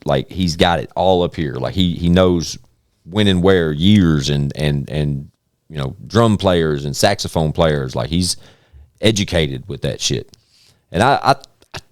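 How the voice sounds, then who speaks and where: A man hosting a casual podcast chat, talking in an animated, profane way. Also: very deep voice, no room sound, clean studio sound.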